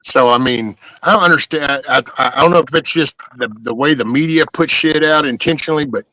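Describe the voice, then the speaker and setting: Bright-voiced ranting American man. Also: fairly high pitch, a little fast, no echo, low-quality recording. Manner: animated, ranting, swears casually. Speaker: podcast host. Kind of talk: casual chat.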